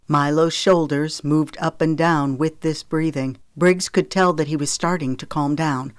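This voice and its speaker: An audiobook narrator reading a novel with steady, measured storytelling into a close microphone. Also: mid-range voice, clear, resonant tone, no room sound. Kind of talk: scripted narration of a romance novel.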